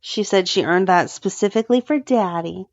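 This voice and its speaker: A woman's voice: mid-range voice, moderate pace, no echo, dull audio. A woman co-hosting a podcast, recapping a soap opera in casual chat and acting out the characters' lines as she retells scenes. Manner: animated, acts out characters' lines when retelling. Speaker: podcast co-host.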